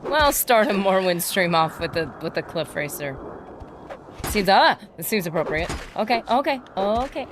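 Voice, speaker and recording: A woman livestreaming a game, chatting excitedly and casually with her viewers. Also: mid-range voice, moderate pace, noisy background. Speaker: streamer. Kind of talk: casual livestream gaming chat.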